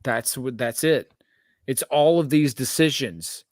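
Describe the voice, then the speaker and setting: A man co-hosting a casual sneaker podcast, talking in an animated, exasperated rant. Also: mid-range voice, slow pace, no room sound. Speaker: podcast co-host.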